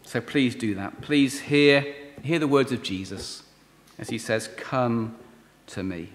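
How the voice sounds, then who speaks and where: A man preaching a sermon and leading prayer, earnest and pleading, often dropping to a soft voice on key words. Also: mid-range voice, unhurried, a little hiss or hum. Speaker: visiting preacher. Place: church hall. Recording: reverberant hall.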